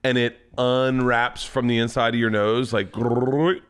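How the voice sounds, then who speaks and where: A man in his forties co-hosting a casual podcast, telling stories animatedly and acting out the quotes, with bursts of loud laughter. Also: medium pitch, little pitch movement, unhurried, clear, resonant tone. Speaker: podcast co-host. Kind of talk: casual storytelling chat.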